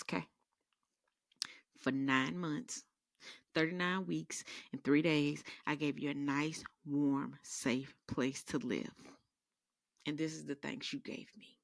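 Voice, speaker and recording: A woman's voice: sits low, takes it slowly, vocal fry, pauses often, no room sound, clean studio sound. A woman podcast host telling sassy, rambling comedic stories in a casual monologue. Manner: animated, rambling, sassy storytelling.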